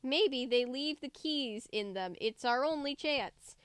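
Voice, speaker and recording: A young woman reading a story aloud, giving the dialogue lively voices and breaking off for chatty, joking asides. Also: sits high, takes it slowly, clean tone, no room sound. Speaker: reader of a book aloud.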